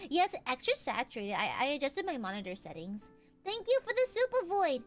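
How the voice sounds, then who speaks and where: A woman streamer chatting casually with her audience, excitable and profane, often shouting and laughing. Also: high-pitched, fairly quick, soft background music. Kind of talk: casual live-stream chat.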